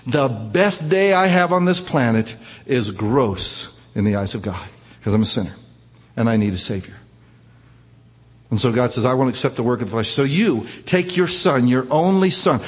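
A man's voice: mid-range voice, sing-song, moderate pace, slightly rough. A man preaching a sermon, retelling a scripture story with emphatic rises and falls. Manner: emphatic preaching, rising and falling. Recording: long hall reverb.

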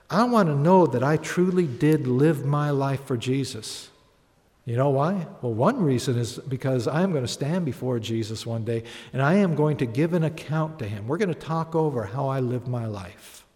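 A man's voice: on the high side, a little mellow. A man preaching a sermon, telling stories and building to earnest, emphatic appeals. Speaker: pastor. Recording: long hall reverb.

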